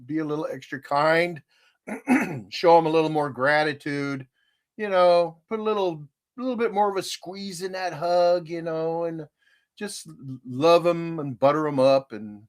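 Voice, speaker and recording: An older man with a slightly raised pitch tells a homey story at an easy, rambling pace. He talks in a folksy, relaxed way, chuckling often as he goes. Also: a little slow. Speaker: podcast co-host. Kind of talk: casual chat.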